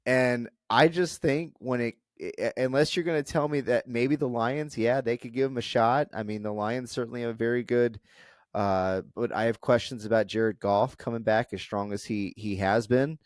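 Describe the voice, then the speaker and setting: A man co-hosting a casual sports podcast, making his points in halting, hedging speech with many restarts. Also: medium pitch, fairly even intonation, no room sound. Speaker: podcast co-host.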